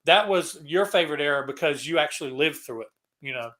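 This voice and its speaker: A man's voice: a little high, animated, fast talker, a bit bright. A middle-aged man hosting a casual online chat, rambling and often restarting his sentences. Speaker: podcast host.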